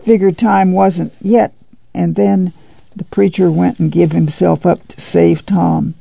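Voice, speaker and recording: Sorrowful guilt-ridden uncle, halting rural dialect, read by a man, gravelly and dark, dull dry sound. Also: high voice, fairly even intonation, no room sound, heavily acted.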